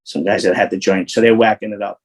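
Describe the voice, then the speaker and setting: A man's voice: on the low side, fairly even intonation, fast, breathy edge, poor audio. A man, an interview guest telling rambling, profane street stories full of restarts. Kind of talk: casual storytelling.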